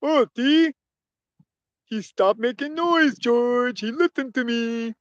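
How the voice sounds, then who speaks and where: A man voicing a big, simple-minded, childlike man who talks far too loudly. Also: slow pace, no echo, muffled recording. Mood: pleading. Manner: high, strained and shouting.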